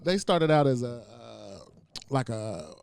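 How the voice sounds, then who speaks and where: A man who is a comedian and teacher, chatting as a podcast guest in an expressive, reflective way. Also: medium pitch, slow pace, vocal fry, clear, resonant tone. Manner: expressive, reflective, lots of "like" and restarts. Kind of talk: casual interview chat.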